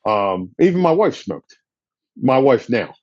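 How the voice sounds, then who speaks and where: Firefighter guest, blunt and casual, swears a lot, dry slightly dull podcast sound. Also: male voice, mid-range voice, sing-song, a little slow, a little mellow, no echo. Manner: blunt and profane, drops in slang. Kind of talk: casual storytelling.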